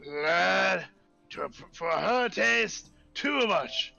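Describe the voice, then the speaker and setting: A man putting on a loud gruff tavern cook. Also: high-pitched, lively intonation, very slow, muffled recording, faint music behind, voice pushed up, heavily acted. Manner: loud, blunt, calls people lad, swears. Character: gruff male tavern cook who shouts from the kitchen.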